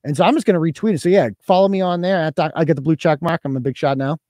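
A man hosts a live weekend show, chatting loosely and swearing freely as he tells his stories. His voice sits a little high for a man, and the sound is dry and close with no room echo. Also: very fast, darkish tone. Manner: profane, boastful storytelling. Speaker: host. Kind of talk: casual live-show chat.

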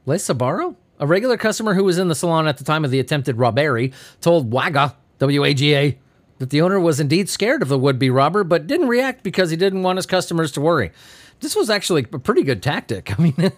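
A male podcast host riffing on strange news stories, slightly high for a man and very lively in pitch. He swears a lot and keeps breaking into laughter, sounding sleepy and giddy. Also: brisk. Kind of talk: casual comedic news commentary.

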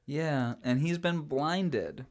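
This time the film podcast co-host speaks slowly in a slightly high voice. The young man stays chatty and giggly in the casual discussion of old films, with lots of ums and thoughts that trail off.

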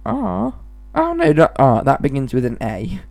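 A woman's voice: low voice, huge pitch swings, unhurried, gravelly, a little mellow. A young woman co-hosting a casual podcast chat, teasing and giggling often. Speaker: podcast co-host.

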